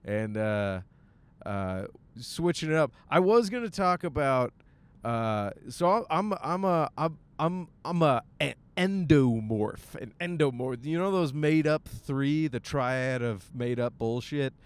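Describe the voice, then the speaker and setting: The podcast host, chatting casually from his car as he drives, has a clear, resonant, medium-pitched voice that is expressive and takes its time. He jokes about himself, curses often and adds silly character voices.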